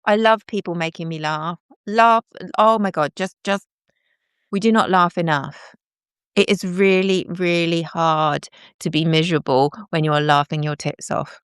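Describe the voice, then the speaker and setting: A woman's voice: fairly low pitch, measured pace, clear, resonant tone, no echo, studio quality. Chatty woman hosting a live stream. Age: middle-aged. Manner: bubbly, self-deprecating, animated. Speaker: livestream host.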